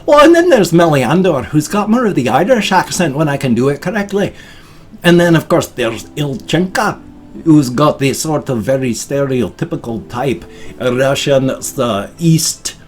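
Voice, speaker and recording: A man in his fifties, vlogging in a rambling, playful way and dropping silly sound effects into his talk. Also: mid-range voice. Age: 50s. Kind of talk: casual vlog monologue.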